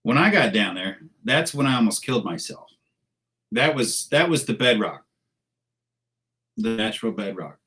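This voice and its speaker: Middle-aged man, studio guest, salty storyteller, profane, chuckling, medium pitch. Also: big pitch swings, moderate pace, pauses often, a bit bright, rough recording. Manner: salty, profane, laughing anecdotes. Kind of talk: casual storytelling interview. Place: podcast studio.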